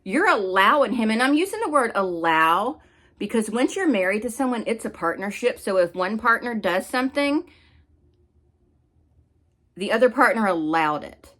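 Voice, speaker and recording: A woman's voice: on the high side, sing-song, normal speed, a bit bright. Angry woman ranting with heated scolding. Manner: heated, scolding, blunt with swearing. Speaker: commentary channel host.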